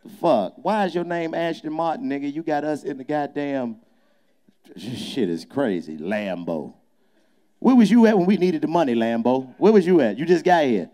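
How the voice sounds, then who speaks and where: A man's voice: a little high, lively intonation, moderate pace, dark tone. A young adult man, a comedian, doing a boisterous, profane, teasing improvised roast inside a small nightclub.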